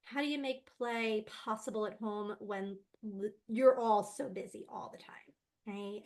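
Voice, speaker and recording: A woman with a fairly high voice talks as a guest in a relaxed interview. She is animated and playful and breaks into laughter often. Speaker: guest, laughter yoga teacher. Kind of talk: casual interview chat.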